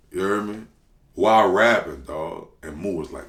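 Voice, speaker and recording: A man tells stories as a rapper guest in a relaxed interview. He talks in a slangy, animated way that jumps up in quick bursts of excitement. The room gives his voice a noticeable echo. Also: low-pitched. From New Orleans. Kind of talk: casual interview storytelling. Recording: roomy echo.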